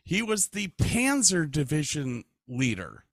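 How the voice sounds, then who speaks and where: A man co-hosts a casual podcast and reads facts aloud to his partner. He talks slowly, and his pitch moves a lot. His voice is bright and recorded dry. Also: no echo. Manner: reads facts aloud with lively, animated delivery. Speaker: podcast co-host. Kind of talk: casual chat.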